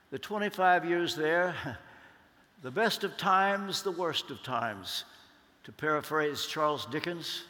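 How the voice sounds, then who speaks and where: A man preaching a sermon, slow and deliberate, leaning on emphatic pauses. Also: a little high, sharp tone. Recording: long hall reverb.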